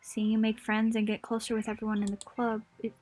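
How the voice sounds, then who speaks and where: Woman reading as a sad self-blaming teen girl, soft and halting, faint music behind. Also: a little high, monotone, lightly acted. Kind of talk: reading game dialogue aloud.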